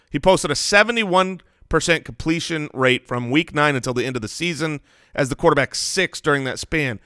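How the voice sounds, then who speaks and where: Animated man talking fantasy football. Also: on the high side, smooth, no room sound, studio quality. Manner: animated, playful, jokes and sings snippets. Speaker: podcast co-host. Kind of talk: fantasy football podcast chat.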